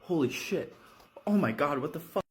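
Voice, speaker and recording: A man's voice: fairly high pitch, expressive, normal speed, pitched above the performer's own voice, lightly acted. A man doing a panicked, stammering detective. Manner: stammering, swearing. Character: panicked male police detective.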